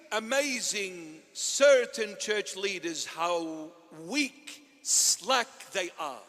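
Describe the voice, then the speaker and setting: A man, a bishop, preaching an impassioned sermon that swings between loud and hushed. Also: sits high. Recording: long hall reverb.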